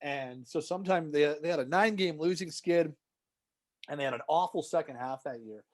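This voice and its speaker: Animated storytelling man, slightly high voice. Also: brisk. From Calgary, Canada. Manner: animated, excitable storyteller with many restarts. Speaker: hockey reporter and radio host. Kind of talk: casual podcast storytelling.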